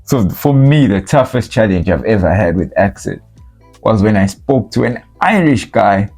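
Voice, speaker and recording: Guy, gravelly husky voice, rambling easy chat on a couple vlog. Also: lowish voice, normal speed, faint music behind. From South Africa. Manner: relaxed, laughs often, rambling retelling. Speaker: co-host of a couple's channel. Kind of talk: casual chat.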